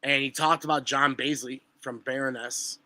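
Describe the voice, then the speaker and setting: A man, telling stories on a podcast in an animated, profane way. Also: medium pitch, normal speed. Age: 20s. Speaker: guest musician. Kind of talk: casual podcast chat.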